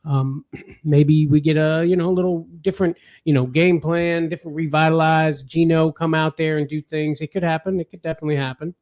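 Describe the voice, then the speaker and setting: Easygoing man with a slightly high voice. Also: steady tone, a little fast. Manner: easygoing, laughs often, trails off quietly. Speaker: podcast co-host. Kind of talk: casual chat.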